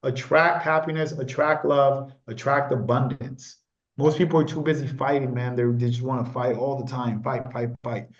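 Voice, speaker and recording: A man's voice: medium pitch, flat delivery, normal speed. Emphatic man, echoey lo-fi sound. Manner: emphatic, repetitive, keeps saying "man". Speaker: business mentor guest. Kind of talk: casual interview talk.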